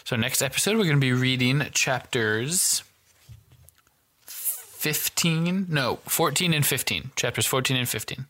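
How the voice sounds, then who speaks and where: Bright-voiced male podcast co-host. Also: mid-range voice, animated, a little slow. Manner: upbeat, wraps up the episode with thanks and plugs. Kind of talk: casual podcast chat.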